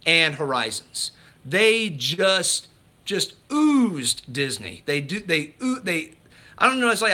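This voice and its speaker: A man's voice: on the high side, bright, forceful tone. A man hosting a casual livestream chat, talking in a rambling, enthusiastic way with many restarts and greetings to viewers. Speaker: livestream host.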